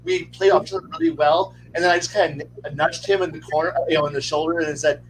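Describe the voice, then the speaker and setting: Animated high-voiced man telling a story. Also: fast talker, few pauses, a little hiss or hum, poor audio. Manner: animated, profane, acts out quotes in pitch jumps. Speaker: podcast panelist. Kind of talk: casual storytelling.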